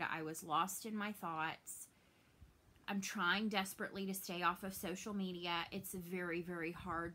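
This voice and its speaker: Bright, chatty crafting vlogger woman. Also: on the low side, a little hiss or hum. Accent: American Southern. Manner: chatty and open, trails off softly when sad. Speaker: cross stitch vlogger. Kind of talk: casual chat to camera. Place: home.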